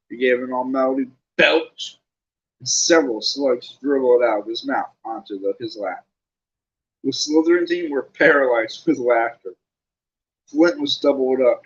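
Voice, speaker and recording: A man narrating an audiobook, reading lively with casual asides. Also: mid-range voice, a little slow, dull audio.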